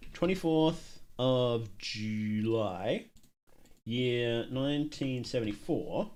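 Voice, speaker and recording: A man streaming a casual reaction who gets excitable, laughs often and thinks out loud. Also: mid-range voice.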